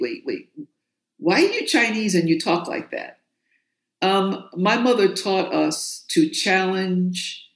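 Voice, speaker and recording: A woman from New York, an author and guest in an interview, telling her story in a forthright, emphatic way. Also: fairly low pitch. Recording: roomy echo.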